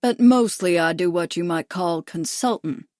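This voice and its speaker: A woman's voice: lowish voice, normal speed, a little mellow, no echo, studio quality, lightly acted. A woman voicing a mocking American male horse trainer in his forties with a broad American drawl, in an audiobook. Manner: mocking, sly. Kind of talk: audiobook character voice.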